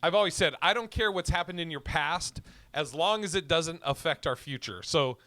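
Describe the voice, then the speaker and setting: A man co-hosts a loose podcast conversation in a bright, forceful voice pitched a little high. He swears freely, laughs a lot, and acts out short scenes in funny voices. The sound is dry and close. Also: moderate pace, dry recording. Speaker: podcast co-host. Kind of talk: casual chat.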